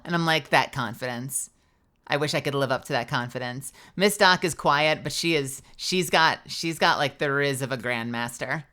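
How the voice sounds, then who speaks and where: A woman streamer in relaxed live chat, her voice bright and sharp with a slightly low pitch. She jokes, teases herself and swears without a second thought. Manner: playful, self-deprecating, joking, swears freely. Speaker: livestreamer.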